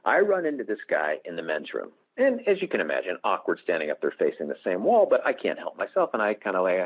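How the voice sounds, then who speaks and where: A man's voice: low-pitched, huge pitch swings, brisk, breathy edge, low-quality recording. A man, a prosecutor, giving a webinar presentation over a computer mic, candid and anecdotal with self-deprecating humor.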